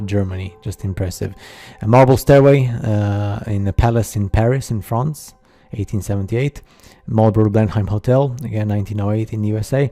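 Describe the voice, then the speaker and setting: Dark-voiced man, halting skeptical narration. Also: fairly low pitch. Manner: halting, many fillers and restarts, skeptical asides. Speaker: narrator of a slideshow video. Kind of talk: casual voice-over commentary.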